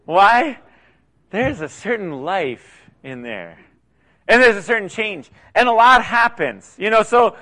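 A man preaching a conversational sermon, often dropping to soft, quiet asides. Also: extremely high pitch. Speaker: pastor.

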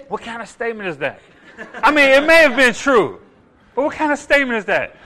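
A man delivers a sermon with a high, bright, ringing voice. He is animated, slipping into little acted-out voices and rising loud to hit his points. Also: a little fast. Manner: animated, acts out voices, rises loud for emphasis. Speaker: preacher.

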